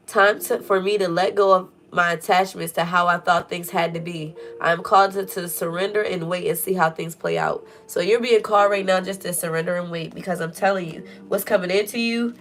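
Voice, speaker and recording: A woman's voice: on the low side, a bit bright. A woman giving a casual spiritual tarot reading, earnest and preachy, repeating phrases for emphasis. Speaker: tarot reader.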